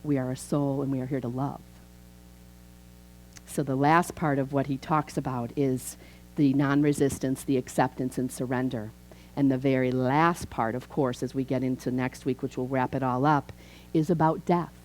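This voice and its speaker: A woman in her fifties, a minister, preaching a chatty, animated sermon in a church. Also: extremely low pitch, normal speed, a little hiss or hum, rough recording. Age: 50s. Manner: animated, chatty, acts out quoted voices. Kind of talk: conversational sermon.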